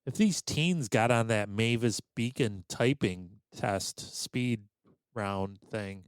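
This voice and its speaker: A man's voice: on the low side, slow, clear, resonant tone. Sarcastic man hosting a podcast. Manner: sarcastic, mock-indignant ribbing. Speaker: podcast host. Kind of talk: casual comedy podcast banter.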